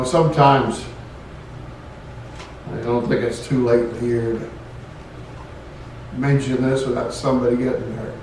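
A man's voice: medium pitch, a little hiss or hum. A man preaching a sermon in a folksy way, rising to emphatic points. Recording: echoey room, voice from far off.

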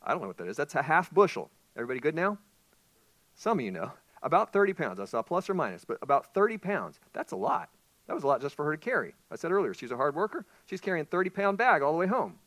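A male pastor preaching a sermon in an animated way, asking the congregation questions. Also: fairly high pitch, fast, no room sound.

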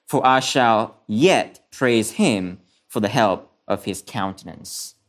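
A man's voice: on the low side, lively intonation, takes it slowly, a bit bright. A man preaching a sermon, earnest and repeating key phrases for emphasis, sometimes restarting his words. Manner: restarts and stumbles on some words.

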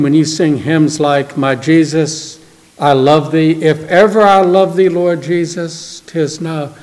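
A man preaching a sermon as pastor, earnest, swinging between emphatic lines and hushed ones. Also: a little high. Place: church sanctuary. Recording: long reverb of a church hall.

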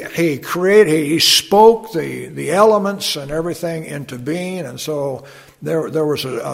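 Male pastor, high voice, gravelly, unhurried sermon with folksy asides. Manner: unhurried preaching with fillers, reads scripture aloud, folksy asides.

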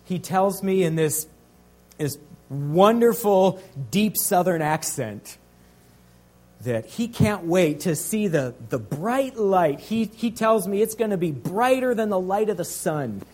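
A high-pitched male pastor delivering a sermon. He preaches earnestly, drawing out key phrases and rising in force on the big lines. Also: lively intonation, slow pace, a little mellow.

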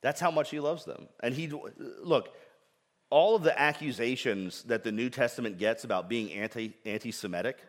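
A man's voice: mid-range voice, moderate pace, long reverb tail. A man preaching a sermon with earnest emphasis and frequent rhetorical questions. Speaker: pastor.

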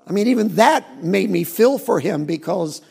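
Animated, gravelly-voiced preacher man. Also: sits high, moderate pace. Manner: folksy, animated storytelling with asides. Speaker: pastor. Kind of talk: sermon.

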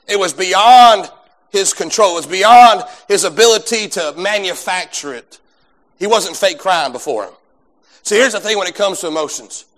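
A man preaching a sermon, swinging between loud drawn-out emphasis and quiet folksy asides. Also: fairly high pitch. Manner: folksy, self-deprecating asides. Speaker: pastor.

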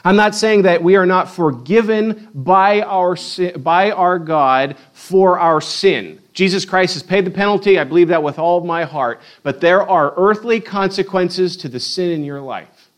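A man preaching a sermon, telling the story in a lively, playful way and acting out the quotes. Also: sits high, unhurried, few pauses. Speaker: pastor.

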